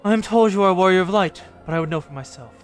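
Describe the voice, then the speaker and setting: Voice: medium pitch, rapid-fire, soft background music, natural voice. Streamer reading an ominous robed stranger with archaic speech. Cryptic, formal, close to their own voice. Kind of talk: reading game dialogue aloud on a stream.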